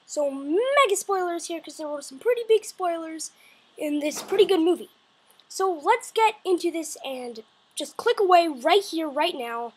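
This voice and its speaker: This is a woman with a notably high voice giving a casual spoiler review straight to her viewers. She talks in an excitable, rambling way, stumbling through restarts and quick self-corrections as her thoughts run ahead of her. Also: a little hiss or hum. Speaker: video reviewer.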